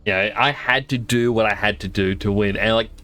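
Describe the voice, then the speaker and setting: A young man telling a long gaming anecdote on a stream, slipping into quick voices for the other players he quotes. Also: lowish voice, bright, forceful tone. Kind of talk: casual storytelling while gaming.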